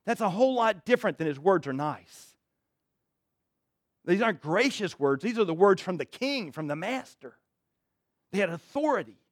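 A man's voice: very animated, moderate pace, long pauses, no echo, clean studio sound. Emphatic man preaching a sermon. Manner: emphatic preaching, dropping low and quiet for stress; reads scripture aloud and comments conversationally. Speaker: pastor.

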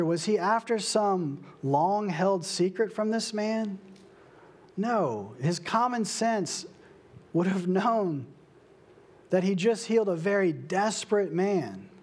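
A young adult man preaching a sermon, slow and emphatic, with dramatic pauses. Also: high-pitched, a little mellow. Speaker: pastor.

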